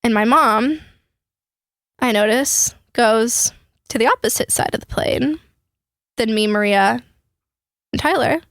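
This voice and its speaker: A young woman telling a travel story in an animated, swearing, quick way as a podcast host. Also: a little high, no room sound, clean studio sound. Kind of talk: casual storytelling chat.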